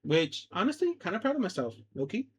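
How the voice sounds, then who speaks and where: A man with a somewhat high voice talks casually to camera, rambling and chatty, dropping "dude" and "like" often. He is recorded on a cheap microphone, with a faint hum of room ambience underneath. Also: moderate pace, a bit bright. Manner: chatty and self-deprecating, with many fillers like "dude" and "like". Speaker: vlogger starting a gaming channel.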